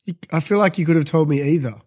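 A man co-hosting a casual podcast, throwing in quick joking quips. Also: a little high, warm tone, breathy edge. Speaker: podcast co-host. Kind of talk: casual chat.

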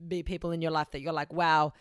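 A woman's voice: sits low, flat delivery, rapid-fire, no room sound, studio quality. A young woman hosting a solo advice podcast, speaking bluntly and frankly, with casual swearing. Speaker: podcast host.

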